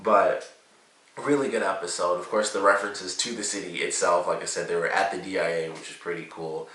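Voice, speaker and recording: A man's voice: low voice, steady tone, fairly quick, bright, forceful tone. A young man rambling through a casual TV episode review, laughing often and leaning on filler words. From Detroit area, USA. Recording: echoey room, distant from the mic.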